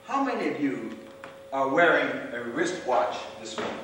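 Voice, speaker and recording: A man giving a motivational contest speech to a club, emphatic, with deliberate pauses and punched key words. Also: fairly high pitch, sing-song, over a noisy crowd. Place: club meeting room. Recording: echoey room from far off, faint hiss.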